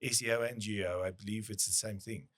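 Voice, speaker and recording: A man's voice: lowish voice, steady tone, fast, fairly bright tone. A man hosting a business podcast, talking casually and thinking aloud with frequent restarts. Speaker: podcast host.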